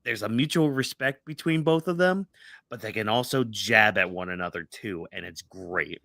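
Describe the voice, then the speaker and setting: A man's voice: fairly low pitch, moderate pace, vocal fry, bright, forceful tone, no room sound, studio quality. A man co-hosting a casual fan podcast, rambling with lots of fillers and restarts. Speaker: podcast co-host.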